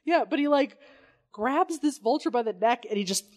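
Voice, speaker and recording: A co-host in a casual comic-book recap, sarcastic, chiming in with quips and quick agreement. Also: sits high, expressive, a little mellow. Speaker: podcast co-host.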